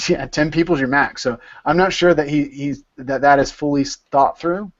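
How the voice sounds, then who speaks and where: A man's voice: fairly high pitch, moderate pace, highs cut off. A man leading an informal study session over a video call, explaining step by step and repeating words as he thinks.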